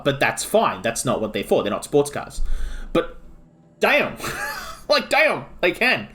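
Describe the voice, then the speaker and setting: An Australian man streaming a game and chatting casually, rambling excitably with lots of filler words. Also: fairly high pitch, a little slow, pauses often. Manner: rambling, excitable, heavy use of "like". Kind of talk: casual chat while streaming.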